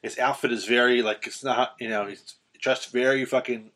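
A young man recaps a film in a loose, rambling way, full of fillers and swearing. His tone is bright and forward. He sounds like he is chatting casually with a friend. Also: medium pitch, steady tone, normal speed. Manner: rambling, profane, many fillers.

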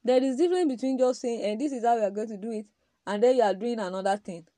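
Woman lecturing men about marriage, mellow dark voice, dry close sound, keeps asking "you understand". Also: on the high side, fast, no room sound. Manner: emphatic, addresses men directly, rhetorical questions. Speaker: podcast speaker on marriage. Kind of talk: preaching-style talk.

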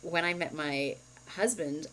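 A woman in her thirties co-hosts a podcast, her low voice moving at a measured pace with a sharp edge. She tells a personal story candidly in casual chat, peppering it with "like" and "um." The audio is poor, with slight background noise.

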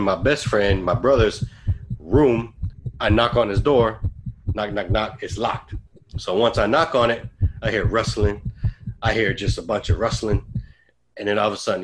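A man's voice: lowish voice, background noise. A man co-hosting a podcast, telling a personal story in casual chat and acting out the lines of the people in it. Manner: animated storyteller who acts out quoted dialogue. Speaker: podcast co-host.

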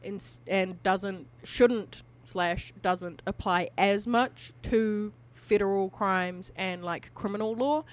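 A woman's voice: medium pitch, takes it slowly, hardly any pauses. Rambling casual woman podcaster. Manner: rambling, swears casually, frequent fillers. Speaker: podcast co-host.

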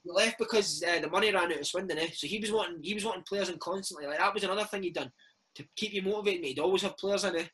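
A man's voice: sits high, racing, sharp tone, husky, poor audio. A Scottish man in his thirties, a former footballer telling stories in a casual interview, dropping "mate" and "eh" all the time. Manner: chatty, peppers speech with "mate" and "eh".

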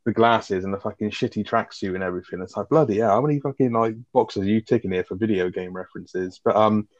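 Fast-talking low-voiced man. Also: dry recording. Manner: rapid, sweary, rambling with fillers. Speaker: podcast co-host. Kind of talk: casual film chat. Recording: dull lo-fi audio.

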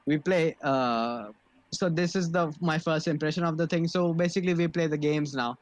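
A man's voice: on the high side, moderate pace, no echo. A young man from India, telling a rambling, profane story in casual chat and laughing often.

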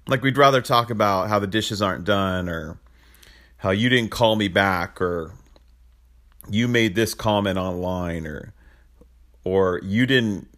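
A man's voice: lowish voice, unhurried, long pauses, fairly bright tone. A man in his thirties hosting a podcast, telling a personal story in a candid, reflective way, often restarting his sentences. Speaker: podcast host.

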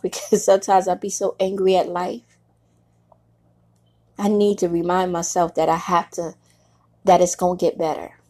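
Woman talking straight to you, mellow low voice, blunt, keeps repeating herself for emphasis. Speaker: vlogger giving life advice. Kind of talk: candid motivational talk to camera.

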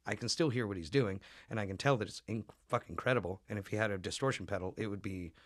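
A young man with a lowish voice talks fast in a casual podcast chat, telling loose, profane stories packed with fillers like "um" and "like."

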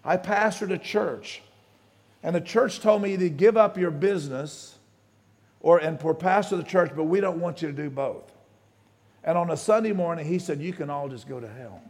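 A pastor giving a sermon, telling a story with plenty of quoted dialogue and halting restarts, his voice rising and dropping. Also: high-pitched, a little mellow.

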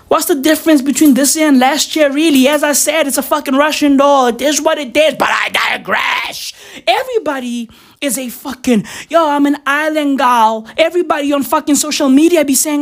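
A young woman giving a profane, slangy, animated monologue rant on her vlog. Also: high voice. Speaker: vlogger.

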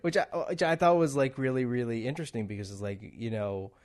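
A man's voice: medium pitch, quick pace. Chatty man with easy laughs. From a non-English-speaking country. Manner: laughs often, many fillers and restarts. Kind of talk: casual chat.

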